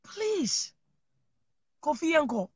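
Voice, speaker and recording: A person from Ghana with a Ghanaian accent, giving animated commentary to viewers, emphatic and repetitive, mixing Twi and English. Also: high-pitched, slow pace, no echo. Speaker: online commentator.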